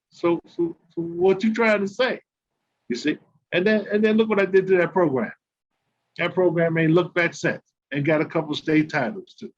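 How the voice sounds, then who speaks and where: Older man from New Jersey, husky voice, raised pitch, emphatic complaining, dull lo-fi call audio. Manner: emphatic, repetitive, aggrieved ranting. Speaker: former pro basketball player and coach. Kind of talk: heated guest monologue.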